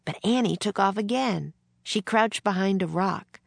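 A woman narrating a children's storybook aloud in a gentle read-aloud manner. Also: mid-range voice, unhurried, gravelly, no echo. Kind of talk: storybook reading.

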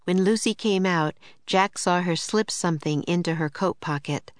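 An audiobook narrator, a woman with a lowish voice, reads a children's book in scripted narration. Her storytelling is clear and even at a moderate pace, and the recording is dry.

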